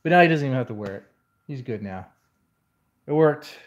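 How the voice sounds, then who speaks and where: A man's voice: medium pitch, expressive, brisk, muffled recording. A man venting in a casual vlog, telling a rambling story in an exasperated way. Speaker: vlogger.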